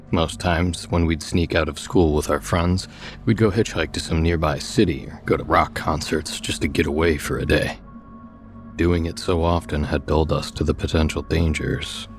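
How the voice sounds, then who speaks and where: Very deep-voiced male horror narrator.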